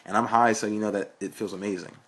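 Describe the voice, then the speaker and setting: A man's voice: fairly low pitch, fairly even intonation, quick pace, fairly bright tone, breathy edge. A young man reading a story aloud in a frank, blunt, profane way. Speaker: narrator.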